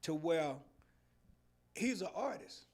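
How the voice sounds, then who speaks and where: High-voiced, laughing middle-aged man. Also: takes it slowly. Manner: laughs often while telling stories; Southern slang, animated and loud. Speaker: podcast host. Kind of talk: casual storytelling chat.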